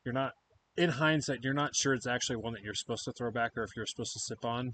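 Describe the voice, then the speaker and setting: A man guides his players through a scene as game master. He narrates loosely and descriptively, with lots of casual fillers. His voice sits at an ordinary pitch, with a light hiss in the background. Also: fast talker, fairly bright tone.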